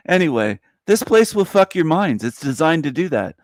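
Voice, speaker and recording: A man's voice: a little high, sing-song, moderate pace, few pauses, no echo, clean studio sound. A man hosting a live stream, delivering an emphatic, preachy monologue that circles back and repeats its points. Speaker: livestream host.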